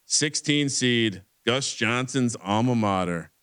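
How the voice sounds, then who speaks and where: Smooth-voiced man talking betting picks. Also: medium pitch, animated, takes it slowly, fairly bright tone. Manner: rambling, restarts often, reads betting lines. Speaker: podcast host. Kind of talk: casual sports betting chat.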